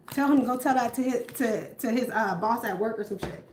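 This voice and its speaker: A woman reading tarot cards in a blunt, outspoken way, swearing freely. Her voice sits a little high. It rings in a roomy space with clear echo. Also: fairly quick, few pauses, darkish tone, slight background noise. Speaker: tarot reader.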